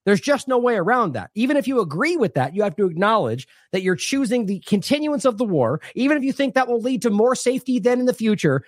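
A man's voice: sits high, sing-song, quick pace, few pauses, dry recording, clean studio sound. A man hosting an independent news show, delivering indignant, sarcastic commentary with heavy emphasis.

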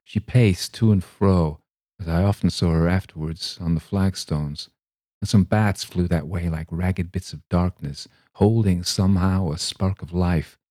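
A man reads a classic story aloud in a measured, gentle way. His voice is low and dark, and the sound is close and dry. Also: fairly even intonation, no echo. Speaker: reader. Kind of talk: storybook reading.

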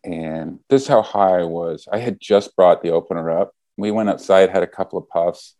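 A man who is a stand-up comedian, telling a story in casual chat in an animated way and swearing freely. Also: sits low, normal speed, no room sound.

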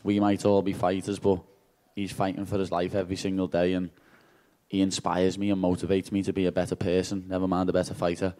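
A man's voice: low voice, monotone, brisk, mellow. A man with a Liverpool accent answering press conference questions after a fight, brash and cheeky and swearing freely.

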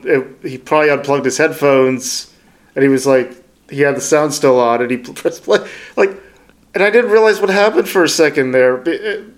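A man co-hosting a podcast in casual chat, rambling through anecdotes and laughing often. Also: fairly high pitch. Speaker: podcast co-host.

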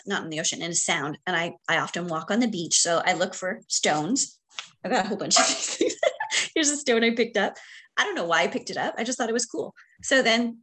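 A middle-aged woman talks as a podcast guest in casual conversation. Her voice sits at a moderate pitch. She is reflective and warm, pausing on fillers and breaking into light laughter.

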